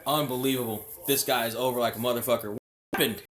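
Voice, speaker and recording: A man giving casual live-stream commentary, excitable and profane, chatting to his viewers. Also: mid-range voice, fast talker, slight background noise. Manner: excitable, profane, talks to chat. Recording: roomy echo.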